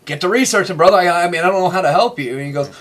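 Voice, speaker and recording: A young man talking in a casual interview, excitable and rambling, with lots of restarts. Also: high voice, racing. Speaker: interviewee, toy collector.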